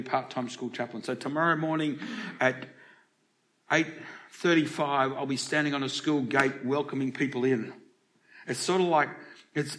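With a medium-pitched, somewhat bright voice, a middle-aged Australian man delivers a sermon in church. He talks conversationally and keeps asking the congregation questions.

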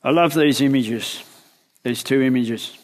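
A man preaching a sermon, retelling a Bible story in lively words and asking the listeners questions. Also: mid-range voice, unhurried.

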